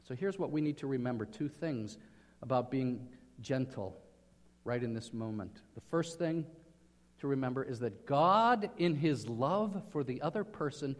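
A man's voice: mid-range voice, expressive, measured pace. A man preaching a sermon in earnest, often putting questions to his listeners. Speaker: pastor. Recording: reverberant hall.

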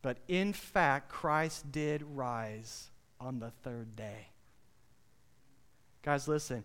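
A man's voice: mid-range voice, very slow, long pauses, fairly bright tone. A male preacher delivering a sermon, emphatic and direct, addressing listeners with rhetorical questions.

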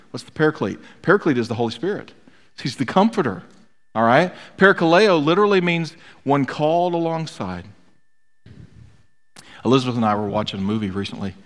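A man preaching a sermon earnestly, often repeating words for emphasis. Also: medium pitch. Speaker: pastor. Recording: long hall reverb.

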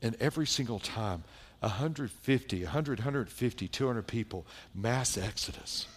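A middle-aged man from South Carolina, a pastor telling stories in a sermon with wry asides, dropping quiet for emphasis. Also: mid-range voice, expressive, moderate pace. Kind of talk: sermon storytelling.

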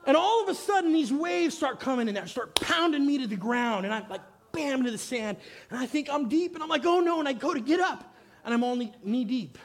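A male pastor delivering a storytelling sermon, jumping from loud excited shouts to hushed, quiet passages. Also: extremely high pitch, fairly quick.

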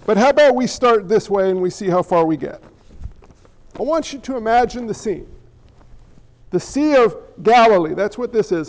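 A man preaching a sermon as pastor, reading scripture and then acting out a story with lively shifts in loudness. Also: very high-pitched, low-quality recording.

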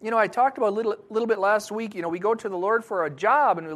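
A man preaching a sermon to his congregation, moving between quiet scripture reading and loud, animated emphasis. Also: sits high, quick pace, few pauses. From Wisconsin, USA. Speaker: pastor.

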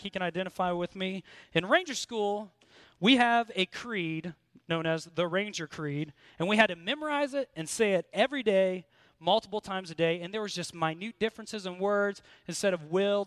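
A man's voice: sits high, fairly bright tone, clear, resonant tone, no echo. An American man preaching a sermon, mixing scripture with a story from his own army days, earnest and building in intensity.

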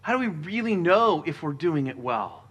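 A man preaching a sermon as pastor, earnest, with quieter stretches when he reads scripture. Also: on the high side, very animated, moderate pace.

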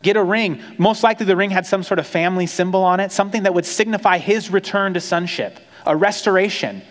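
Male pastor, conversational storytelling sermon, higher-pitched, echoing hall. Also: quick pace. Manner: conversational, animated storytelling with acted quotes.

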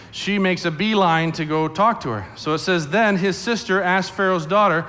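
Animated, bright-voiced male preacher. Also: sits high. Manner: animated storyteller acting out voices, addressing kids. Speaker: pastor. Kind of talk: sermon to a family congregation. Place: church sanctuary.

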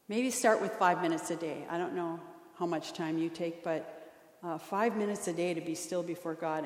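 Woman preaching in an echoing hall. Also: fairly low pitch. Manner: earnest, gently exhorting, reads scripture aloud. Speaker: pastor. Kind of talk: sermon. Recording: roomy hall with long reverb.

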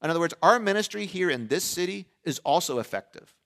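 A middle-aged pastor preaching in a loose, chatty way, with a voice that sits a little high for a man. He slips in sarcastic asides and acts out the people in the story. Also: expressive, quick pace, gravelly, a bit bright. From Pennsylvania, USA. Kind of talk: sermon.

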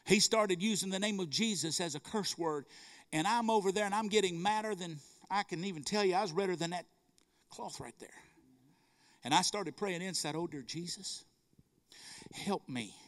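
In a drawl, a middle-aged preacher delivers a sermon at a fairly quick clip. His voice is high for a man, and his fervent storytelling keeps breaking into calls to the congregation.

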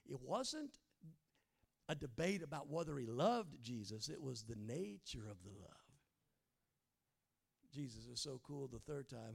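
A middle-aged man preaching an animated sermon, swinging from loud acted lines to low, hushed asides. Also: a little slow, gravelly, slightly rough. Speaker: guest preacher.

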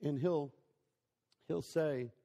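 A man in his forties preaching a sermon in a large hall with a long echo. His voice sits a little high and has a gravelly edge. He talks like he is telling stories to friends, often asking the listeners questions. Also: very slow, mellow. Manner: storytelling, conversational, rhetorical questions to listeners.

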